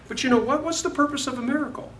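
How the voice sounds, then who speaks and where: A man's voice: very high-pitched, very fast, fairly bright tone, a little hiss or hum. A man from Florida teaching a Bible study lesson in a conversational way, often asking the class questions. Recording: echoey room, mic far off.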